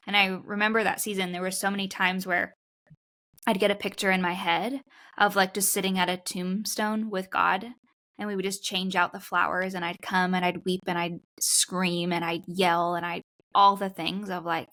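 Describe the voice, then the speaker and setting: A woman's voice: fairly low pitch, level tone, normal speed, bright, forceful tone. Earnest woman podcast host, reflective. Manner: reflective, earnest, often quoting herself. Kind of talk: casual conversational storytelling.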